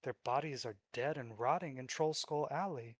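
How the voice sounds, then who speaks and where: A man voicing a sly, scheming male demon lord in disguise, speaking quietly, coldly and condescendingly. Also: mid-range voice, moderate pace, dry recording, close to an everyday voice. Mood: scornful.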